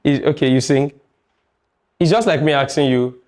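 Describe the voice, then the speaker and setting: A man's voice: mid-range voice, normal speed, long pauses, a little mellow. A man teaching a music class, chatty and jokey, often asking his students questions. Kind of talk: classroom lecture.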